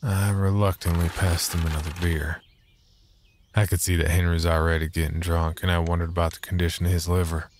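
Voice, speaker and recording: A man narrating a horror story in a measured, subdued way. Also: deep voice, little pitch movement, a little mellow, slight background noise.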